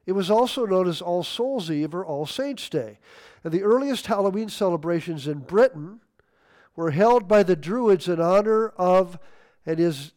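A man with a notably high voice delivers a sermon at an unhurried, drawn-out pace. He leans hard on key words, then drops into soft asides between the readings. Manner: emphatic, swinging between loud stresses and quiet asides. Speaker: preacher.

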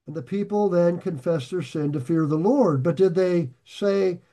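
A man with a high voice preaching a sermon. He talks to his listeners in a plain, chatty way. He drags out and lifts the phrases he wants to press home. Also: warm tone. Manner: emphatic, slows and rises to stress key phrases; conversational asides to listeners. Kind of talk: sermon on scripture.

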